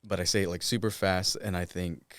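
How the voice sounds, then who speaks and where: A young man from the Cherokee Nation with a deep, low voice talks loosely as a guest in a casual interview, filling his sentences with "like"s and small restarts. The sound is close and dry, with no room around it. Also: fairly even intonation, a little fast, a bit bright, no echo. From Cherokee Nation, Oklahoma. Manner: loose, filler-heavy talk, many "like"s. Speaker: voice actor guest.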